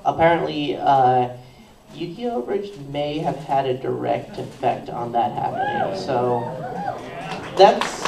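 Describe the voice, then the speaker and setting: Slow hesitant man in a roomy hall. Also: a little high, huge pitch swings, gravelly, recorded from a distance, crowd noise. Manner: hesitant, lots of uh. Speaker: convention panelist. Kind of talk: casual panel talk.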